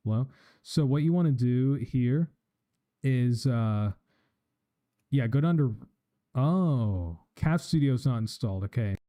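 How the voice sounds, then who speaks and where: A man's voice: medium pitch, dark tone. A man streaming a casual tutorial from his home setup, explaining microphone settings into a studio mic. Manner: explanatory, casual, tests mic with test phrases. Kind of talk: live-stream tech tutorial. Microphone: studio microphone with live effects.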